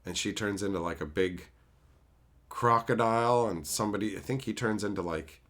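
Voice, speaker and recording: A man's voice: fairly low pitch, moderate pace. A man streaming live and casually answering chat about movies, rambling and swearing freely as he talks. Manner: rambling, profane, animated.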